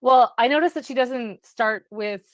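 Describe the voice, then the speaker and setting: A woman on a true crime panel who adds her observations and context in a measured, casual way. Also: fairly high pitch, dry recording, clean studio sound.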